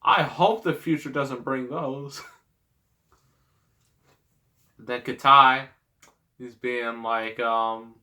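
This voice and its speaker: A man's voice: medium pitch, little pitch movement, extremely slow, long pauses, bright, forceful tone. A man giving a casual, rambling movie review, sarcastic, with lots of fillers.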